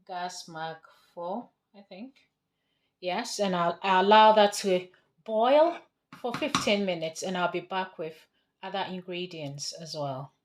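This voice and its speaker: Slow-paced chatty woman cooking. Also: lowish voice. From Ghana. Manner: chatty, talks through each step as she cooks. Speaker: home cook. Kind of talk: casual cooking demonstration. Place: home kitchen.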